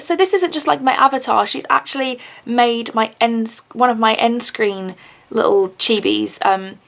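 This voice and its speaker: A woman's voice: a little high, moderate pace. Gushing woman unboxing gifts. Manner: gushing, excitable. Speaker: YouTuber. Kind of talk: unboxing vlog.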